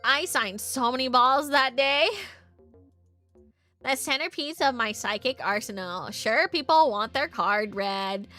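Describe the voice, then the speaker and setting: Casting: woman playing a showy, self-adoring game psychic, bright and breezy. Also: fairly high pitch, a little slow. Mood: smug. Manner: breezy fake presenter voice. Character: vain showy female TV psychic. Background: faint game music.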